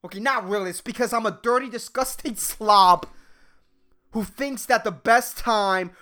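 A man's voice: high-pitched, pushed and bright. A young man hosting a podcast, rambling through a comedic rant full of slang and swearing, often laughing at his own jokes. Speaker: podcast host.

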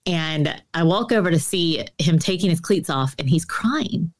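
A woman's voice: on the low side, lively intonation, measured pace. A woman guest on an interview podcast, telling stories earnestly with many fillers. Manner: earnest storytelling with frequent fillers. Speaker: podcast guest, author and speaker. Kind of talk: conversational interview.

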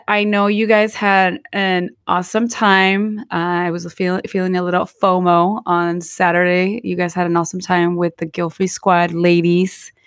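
A woman's voice: medium pitch, no echo, studio quality. A tired woman co-hosting a casual podcast chat, still recovering from a lost voice, mixing English and Spanish. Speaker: podcast co-host.

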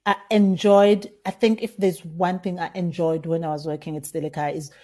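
A middle-aged South African winemaker in a casual interview, telling stories and acting out remembered conversations with laughter. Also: female voice, fairly low pitch, normal speed. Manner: animated, acts out remembered dialogue with laughs. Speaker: winemaker, guest.

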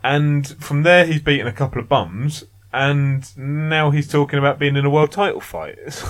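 A man's voice: on the high side, fairly even intonation, moderate pace, no echo. A man giving blunt, opinionated boxing analysis in a casual podcast chat, laughing and swearing now and then. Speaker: boxing pundit.

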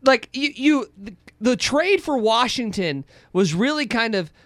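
A man co-hosting a post-game sports podcast in casual chat, excitable, often repeating words as he starts a sentence. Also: very high-pitched, a little slow, no room sound, clean studio sound. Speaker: podcast co-host.

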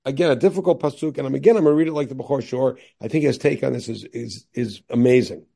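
A rabbi lectures on a Bible text, walking through it step by step, posing questions to himself and answering them. He reads the ancient verses slowly before explaining them, in a mid-range voice that is creaky and mellow.

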